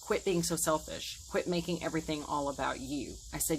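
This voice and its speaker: Speaking at a moderate pace in a rumbling low, creaky voice, a woman in her forties recounts a painful experience to camera with earnest emotion, voicing the dialogue of the people involved. The audio is poor, with a bit of background noise.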